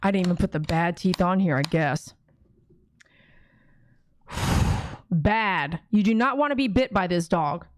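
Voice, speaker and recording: A woman's voice: fairly low pitch, unhurried, pauses often, dry recording. A woman dog groomer hosting a casual livestream, chatty and rambling, often acting out conversations.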